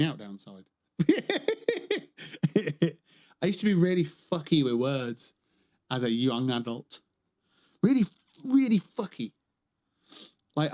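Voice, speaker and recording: Male gaming streamer, fairly high voice, rambling banter, swears a lot. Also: a little mellow. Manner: rambling, joking, swears freely. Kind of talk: casual gaming livestream chat.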